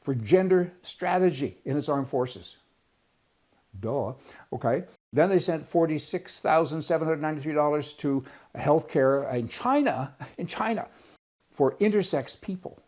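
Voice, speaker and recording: A man's voice: fairly high pitch, expressive, unhurried, darkish tone. A man from Canada giving a blunt, rambling opinion monologue, restarting his sentences and breaking into sudden exclamations. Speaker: political commentator.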